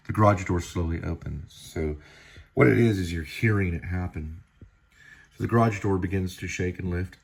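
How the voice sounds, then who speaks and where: A man's voice: deep voice, gravelly, breathy edge. A man reading his own screenplay aloud, stopping often to explain and think aloud.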